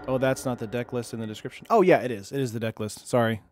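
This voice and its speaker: A man's voice: mid-range voice, steady tone, fast, darkish tone, no room sound. A young man casually commenting while he streams an online card game, chatty and self-deprecating, reading viewers' chat aloud.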